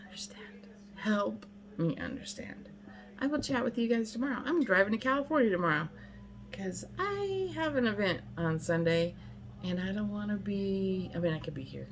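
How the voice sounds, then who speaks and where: This vlogger, a woman in her fifties, has an expressive, medium-pitched voice and a brisk delivery, recorded roughly with slight background noise. She bluntly vents to her viewers in a casual rant to camera, exasperated and repeating points for emphasis.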